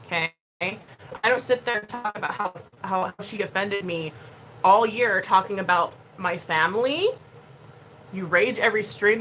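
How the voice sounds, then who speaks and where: A woman YouTuber talking casually to her camera in an animated, expressive way, moving between quiet asides and loud bursts. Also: mid-range voice, normal speed, a little hiss or hum, poor audio.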